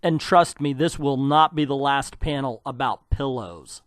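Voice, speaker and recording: A man's voice: medium pitch, unhurried, dry recording, studio quality. Sarcastic man ranting about comics. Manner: sarcastic and scornful. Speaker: comic book reviewer.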